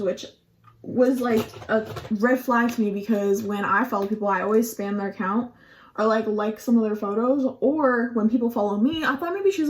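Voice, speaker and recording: A woman's voice: on the high side, slight background noise. A young adult woman telling a casual storytime on her vlog, chatty and profane, with lots of "like". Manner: chatty and profane, heavy use of "like". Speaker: vlogger.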